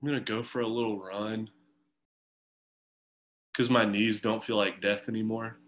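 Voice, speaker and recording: Guy coaching swimmers over zoom, bright tense voice, chatty and encouraging. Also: lowish voice, little pitch movement, moderate pace, poor audio. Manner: encouraging, chatty instructions with fillers. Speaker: swim coach. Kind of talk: leading a home workout over video call. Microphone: video call.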